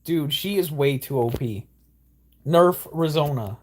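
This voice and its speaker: A young man giving excitable, rambling gameplay commentary with exaggerated outbursts. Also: mid-range voice, a little slow. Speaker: gaming YouTuber.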